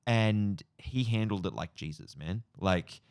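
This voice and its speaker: This podcast co-host, an Australian man in his forties, tells a long story in a casual chat, reflective and rambling with plenty of fillers. His voice sits on the low side and unhurried, recorded dry with clean studio sound.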